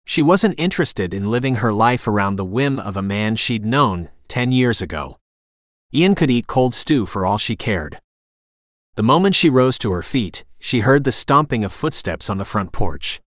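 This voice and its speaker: A man reading a romantic suspense novel aloud as an audiobook narrator, in a steady, even storytelling manner. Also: lowish voice, moderate pace, dry recording, studio quality. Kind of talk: scripted narration.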